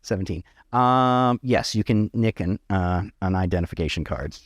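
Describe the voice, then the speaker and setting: Low-voiced man running a tabletop game. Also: normal speed, no room sound, studio quality. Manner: descriptive, with many fillers and restarts. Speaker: game master.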